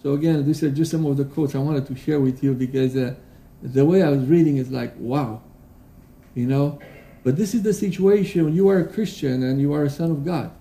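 A man preaching a sermon in a church, earnest and halting, with restarts and fillers, reading quotations aloud with emphasis. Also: on the high side, mellow. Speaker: pastor. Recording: roomy echo.

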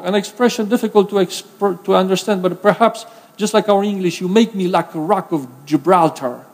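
A man from Romania preaches in an earnest, conversational style, his voice sitting notably high for a man. His words ring out with a long reverb, as if carried through a large hall. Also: moderate pace. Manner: earnest, conversational preaching with emphatic scripture reading. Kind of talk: sermon.

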